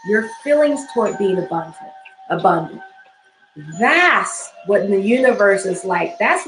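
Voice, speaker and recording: A woman's voice: medium pitch, reverberant, rough recording. A woman spiritual teacher giving an instructional talk, often repeating phrases and checking in with "okay?".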